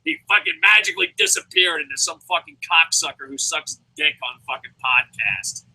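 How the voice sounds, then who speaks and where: Bright, profane ranting man. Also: on the high side, animated, moderate pace, creaky, husky, rough recording. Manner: profane, heated, swears constantly; mocking, acts out impressions. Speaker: wrestling show reviewer. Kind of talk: ranting commentary vlog.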